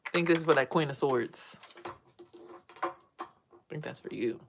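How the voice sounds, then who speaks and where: A woman's voice: low-pitched, normal speed, gravelly, background noise. A woman doing a casual, rambling spiritual tarot vlog and talking straight to her viewers. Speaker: tarot reader and spiritual vlogger.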